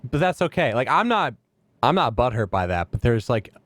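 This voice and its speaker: A laid-back man chatting as a guest on a music podcast. He swears casually and laughs often, his pitch moving a lot. The sound is dry and close, with no room. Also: sing-song, moderate pace, no echo. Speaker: guest, metal vocalist.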